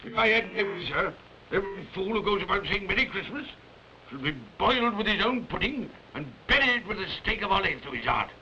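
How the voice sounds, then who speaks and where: Ebenezer Scrooge, a sneering old British miser. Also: male voice, high-pitched, expressive, a little fast, pushed and bright, slight background noise, heavily acted. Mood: scornful. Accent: British English. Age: older. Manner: curt, sneering, clipped scolding. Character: mean old miser, male, cold and scornful. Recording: dull 1930s film soundtrack with music.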